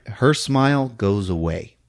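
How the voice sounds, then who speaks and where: Animated man retelling a movie plot. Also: medium pitch. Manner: animated retelling with acted-out shouts and sound effects; laughs often while talking. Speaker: podcast host. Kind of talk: casual movie recap.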